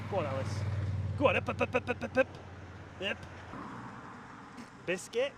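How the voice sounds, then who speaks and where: With a very high, sing-song voice, a man speaks at normal speed and pauses often while vlogging outdoors by a race course on a handheld mic. He's cheeky and playful, offering joking roadside commentary, bantering with passers-by and shouting to riders, with faint street noise behind him.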